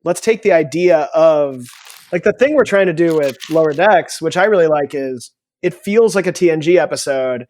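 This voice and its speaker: A man in casual chat, calmly explaining how he approaches his writing work. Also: fairly high pitch, normal speed, a little hiss or hum. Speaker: guest, TV writer.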